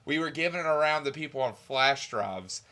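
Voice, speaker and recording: A man's voice: medium pitch, animated, moderate pace, bright, forceful tone. A young man casually chatting on a stream, rambling and swearing as he reminisces about old videos. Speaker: stream co-host.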